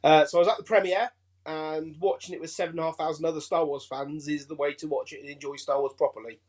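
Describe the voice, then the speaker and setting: A man with an English accent, a chatty and excitable guest on a fan show. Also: on the high side, fast talker. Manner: chatty and excitable, laughs easily. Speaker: guest reviewer. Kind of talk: casual fan chat.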